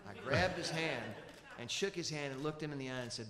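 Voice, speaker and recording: A man's voice: medium pitch, fairly quick, a little hiss or hum. Man from Kentucky telling stories, echoey room. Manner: animated anecdotal storyteller. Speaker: musician and guest. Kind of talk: storytelling on a conference stage.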